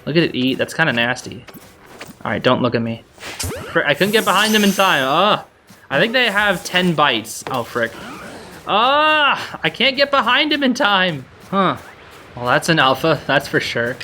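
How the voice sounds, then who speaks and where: A young adult host giving chatty, excitable blind let's-play commentary and talking to the creatures on screen. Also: medium pitch. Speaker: gaming channel host.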